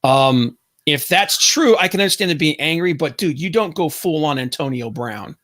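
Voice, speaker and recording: A man's voice: fairly high pitch, animated, normal speed, fairly bright tone. A man co-hosting a casual wrestling podcast, giving emphatic and exasperated opinions. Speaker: podcast co-host.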